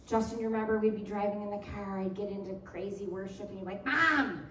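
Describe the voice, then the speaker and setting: A middle-aged woman pastor preaches a sermon in a church sanctuary, her medium-pitched voice quick-paced. She tells animated, playful stories with laughter, recorded with a distant mic, roomy church echo, and a little hiss or hum.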